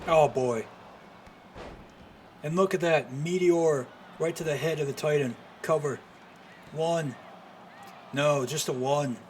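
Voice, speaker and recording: A man doing live play-by-play commentary on a wrestling match, excitable and full of exclamations. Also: a little high, slow pace, long pauses, a little hiss or hum. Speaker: streamer commentator.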